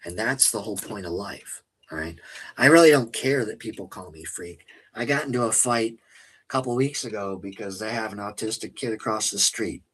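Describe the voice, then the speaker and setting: A middle-aged man who runs a paranormal investigation channel, talking candidly to his viewers in a blunt, profane and defiant way, stressing words slowly for emphasis. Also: fairly low pitch, fairly bright tone, slightly rough, rough recording. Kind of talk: candid personal monologue to stream viewers.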